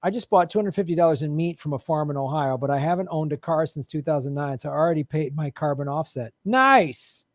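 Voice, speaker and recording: A comedian host answering live chat in a casual, sarcastic, joking way, swearing and laughing often into a studio microphone. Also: male voice, on the high side, fairly even intonation, quick pace, few pauses, mellow, no echo.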